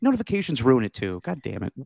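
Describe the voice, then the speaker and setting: A man's voice: mid-range voice, wildly swooping pitch, quick pace, gravelly, a little mellow, no echo, clean studio sound. A man co-hosting a podcast in casual sports chat, jokey and prone to silly impressions. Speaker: podcast co-host.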